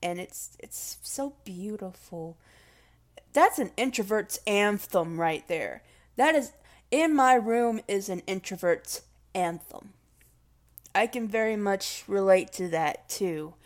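A woman's voice: medium pitch, animated, slow pace. A young woman rambling casually and emotionally in a vlog, self-deprecating and swearing freely. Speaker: vlogger.

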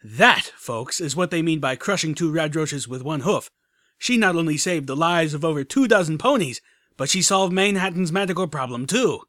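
A man voicing a boisterous male pony radio DJ with hyped, booming broadcaster patter. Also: expressive, moderate pace, a bit bright, dry recording, studio quality.

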